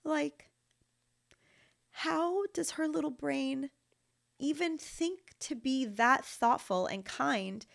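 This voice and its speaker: A woman's voice: on the high side, gravelly, fairly bright tone. A woman in her thirties co-hosting a casual podcast, chatty and filling her talk with "like". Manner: chatty, heavy use of "like". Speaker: podcast co-host. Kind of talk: casual chat.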